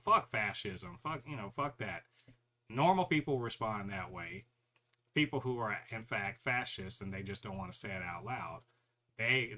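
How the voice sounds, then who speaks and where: A man co-hosting a podcast, talking in a loose, animated rant full of profanity and mocking impressions of other people. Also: on the low side. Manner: animated, profane, mocks others in put-on voices. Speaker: podcast co-host. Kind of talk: casual chat.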